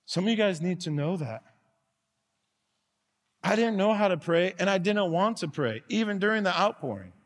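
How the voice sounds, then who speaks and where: A man preaching a sermon as pastor, earnest, dropping to soft tones and rising to loud calls. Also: sits high, expressive, normal speed, pauses often. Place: church sanctuary. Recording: long reverb of a large hall.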